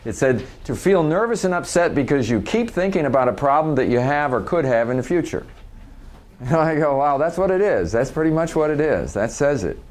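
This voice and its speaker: A man's voice: on the high side, animated, a little fast, darkish tone. Chatty middle-aged man speaking to an audience. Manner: conversational, laughs often, restarts sentences. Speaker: workshop speaker. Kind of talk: live talk to an audience.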